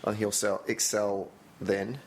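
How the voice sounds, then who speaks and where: A man's voice: lowish voice, flat delivery, a little slow, slight background noise. A man, co-hosting a loose, laughing football podcast chat and steering it with questions. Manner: loose, laughing, swearing banter, asks the questions. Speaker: podcast co-host. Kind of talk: casual chat.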